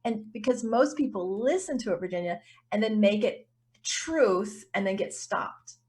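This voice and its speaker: A woman's voice: mid-range voice, normal speed, darkish tone. A woman business coach as an interview guest, talking casually and animatedly and acting out little voices and reactions.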